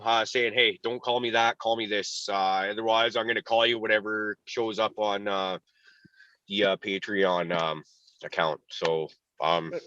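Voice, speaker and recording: Lower-voiced man, bright, dry and muffled. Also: no room sound. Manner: easygoing, frank, swears casually. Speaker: co-host. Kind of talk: casual livestream chat. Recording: dull lo-fi dry sound.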